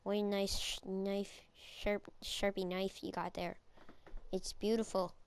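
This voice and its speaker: A woman's voice: mid-range voice, level tone, slow pace, clean tone. A woman giving playful, goofy live commentary while playing a shooter game, with silly chants and voices. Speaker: gamer.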